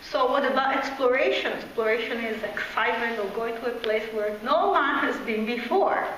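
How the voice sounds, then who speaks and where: A woman with a strong Italian accent giving an enthusiastic public science lecture, her English halting and a little jet-lagged. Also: a little high, fairly bright tone, slight background noise. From Italy. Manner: enthusiastic, halting non-native phrasing. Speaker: guest lecturer, astrobiologist. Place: lecture hall. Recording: echoey hall from far off.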